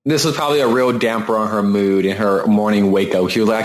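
A man's voice: lowish voice, fairly even intonation, a little fast. A man co-hosting a podcast, chatting playfully and exaggerating for laughs. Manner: playful, exaggerating, laughs at his own jokes. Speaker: podcast co-host. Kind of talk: casual recap chat.

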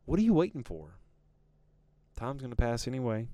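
A man's voice: mid-range voice, sing-song, normal speed, mellow, dry recording. A man hosting a podcast, giving a casual but preachy motivational monologue straight to his listeners with rhetorical questions and lots of "man" and "you know". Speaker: podcast host.

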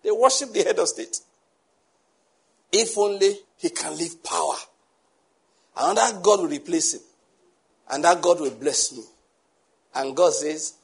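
A man preaching a sermon to a congregation, lively, acting out the people he quotes and laughing often. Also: fairly high pitch, takes it slowly, creaky, long pauses, slightly rough. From Nigeria. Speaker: pastor.

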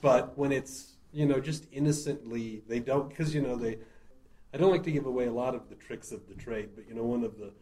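A man tells stories from his comedy theater work in a relaxed interview. He talks in animated bursts, laughs through his lines and often stumbles over restarts. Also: mid-range voice, brisk. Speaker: murder-mystery show writer and performer. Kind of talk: casual storytelling interview.

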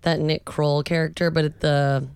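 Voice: mid-range voice, flat delivery, normal speed, smooth, no room sound. A podcast co-host in casual chat, giggly and talking loosely with lots of fillers. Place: houseboat cabin.

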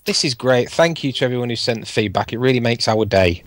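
Dry-voiced podcast co-host. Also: male voice, mid-range voice, animated, fast talker, dry recording. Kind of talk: casual chat, reading listener feedback.

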